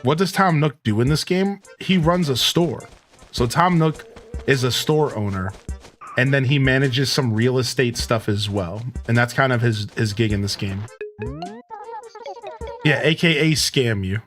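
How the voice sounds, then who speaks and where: A man's voice: medium pitch, a little slow, faint music behind. A man streaming a retro video game, chatting casually and joking with viewers as he plays. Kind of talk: casual gameplay commentary.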